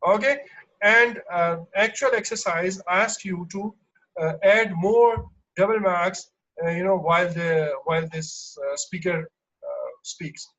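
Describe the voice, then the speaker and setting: A man teaching an online exam-prep lesson, explaining slowly with lots of fillers and restarts. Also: sits high, fairly bright tone, muffled recording. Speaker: English teacher.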